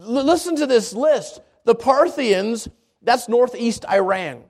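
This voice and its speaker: A man from Albuquerque preaching a sermon at a church service, moving between quick asides and slow, emphatic lines. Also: very high voice, expressive. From Albuquerque, New Mexico. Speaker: pastor.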